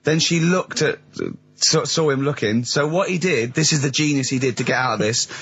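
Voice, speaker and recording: Excitable man with shrieking laughter. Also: medium pitch, moderate pace, husky, highs cut off. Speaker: radio host. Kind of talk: casual studio banter.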